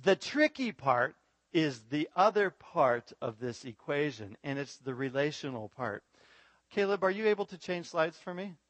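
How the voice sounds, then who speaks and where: A man preaching a sermon as pastor, animated, asking the congregation rhetorical questions. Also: fairly high pitch, moderate pace, no room sound.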